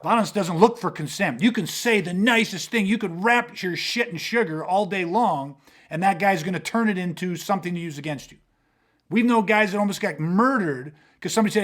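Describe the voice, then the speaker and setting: A man's voice: sits high, fairly quick, a bit bright. A man hosting a self-defense podcast, talking emphatically with swearing and acting out quoted exchanges. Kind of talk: casual podcast talk. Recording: podcast mic.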